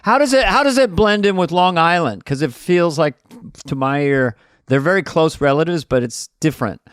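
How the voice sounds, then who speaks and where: A man's voice: a little high, expressive, normal speed, a bit bright, clear, resonant tone, dry recording, studio quality. A man hosting a casual chat, asking questions in a playful, joking manner. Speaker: host.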